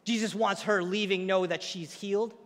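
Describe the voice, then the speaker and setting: A man preaching a sermon, retelling a story with lively, acted-out quotes. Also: high voice, normal speed, long reverb tail.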